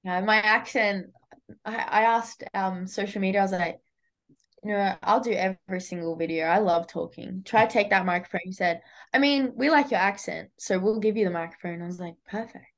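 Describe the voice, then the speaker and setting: An upbeat young woman with an Australian accent talks easily in a relaxed interview. Her voice sits at a middle pitch, and she speaks in a loose, chatty way with plenty of "like.". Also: a little fast. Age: young adult. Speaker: college softball pitcher guest. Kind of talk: casual interview chat.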